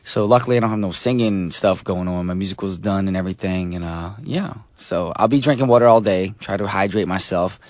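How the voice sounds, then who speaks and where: A hoarse man hosting a radio show in casual chat, joking with listeners and using many fillers. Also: low-pitched, brisk, hardly any pauses, a little mellow, no echo.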